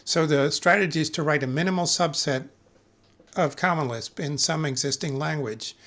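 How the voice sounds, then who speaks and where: Man giving a measured technical lecture. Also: a little high, fairly bright tone. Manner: measured, with frequent filler pauses and self-corrections. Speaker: conference speaker.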